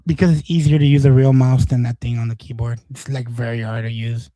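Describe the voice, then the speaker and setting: A man's voice: mid-range voice, steady tone, brisk, dark tone, no room sound. A man hosting a livestream, chatting loosely and swearing, laughing through his stories. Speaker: livestream host. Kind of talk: casual stream chat.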